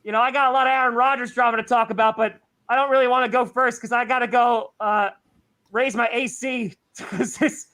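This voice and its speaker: A man's voice: very high voice, fairly even intonation, a little fast, bright, forceful tone. A man hosting a casual sports chat, sweating and out of breath inside a costume, rambling with stammered restarts and self-mocking asides. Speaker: podcast host.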